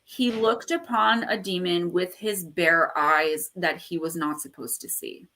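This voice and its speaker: A woman hosting a casual live stream about the paranormal, rambling and animated as she tells stories. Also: lowish voice, measured pace. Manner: animated, rambling storyteller who acts out quotes. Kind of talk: casual livestream chat.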